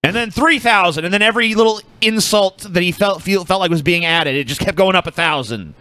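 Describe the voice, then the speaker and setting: Profane storytelling podcast host, dry sound. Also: male voice, high voice, a little fast, dry recording. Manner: profane storytelling, animated quotes. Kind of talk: casual chat.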